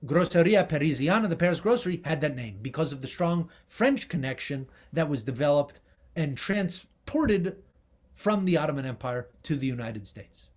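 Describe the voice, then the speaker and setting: A man's voice: a little high, lively intonation, normal speed, darkish tone. A middle-aged man giving a history lecture with slides, talking in an enthusiastic, conversational way with fillers. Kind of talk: slide presentation.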